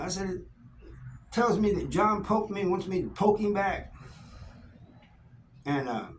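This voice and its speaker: A man's voice: sits high, normal speed, a little hiss or hum, low-quality recording. A middle-aged man, telling stories about his life in a folksy, laid-back way. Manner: laid-back, folksy, animated when quoting people. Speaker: YouTube storyteller. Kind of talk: casual storytelling to camera.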